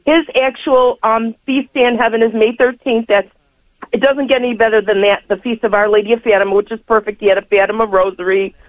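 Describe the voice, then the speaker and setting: A woman's voice: a little high, level tone, brisk, no room sound. Woman, older, radio caller, tinny phone line, effusive, rambling. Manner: effusive, rambling, laughs often. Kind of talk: call-in radio chat.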